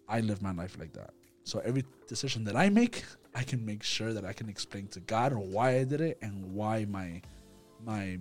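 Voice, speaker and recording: A man leading a casual church group discussion, telling a story with quick restarts and repeated words. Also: on the low side.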